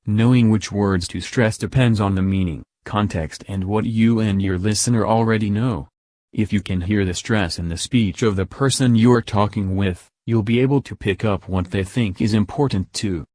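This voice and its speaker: Male teacher, lowish voice, deliberate lesson narration, dry recording. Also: a little mellow, no echo. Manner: slow, deliberate word-by-word emphasis on examples. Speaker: English teacher.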